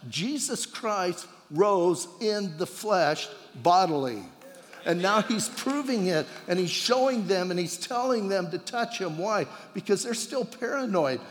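A male pastor delivers a lively, conversational sermon, acting out the quoted lines as he goes. His voice sits high for a man. It rings with the long reverb of a large church hall. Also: a little slow. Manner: conversational, animated, acts out quoted dialogue.

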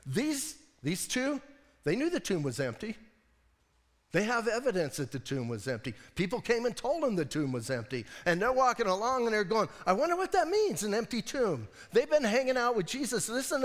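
A man preaching a sermon as pastor, telling the story in a lively, conversational way and often checking in with his congregation. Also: high-pitched. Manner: animated storytelling. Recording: long hall reverb from the church.

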